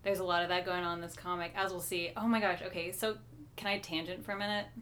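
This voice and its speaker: A woman's voice: lowish voice, level tone, fast, fairly bright tone. A woman co-hosting a podcast, chatting casually and easily about a comic book with frequent fillers. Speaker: podcast co-host.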